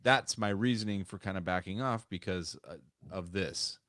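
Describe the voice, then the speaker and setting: A man's voice: deep voice, normal speed, a bit bright, dry recording, studio quality. A man co-hosting a casual podcast over a remote call, talking in a rambling way with many restarts. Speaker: podcast co-host.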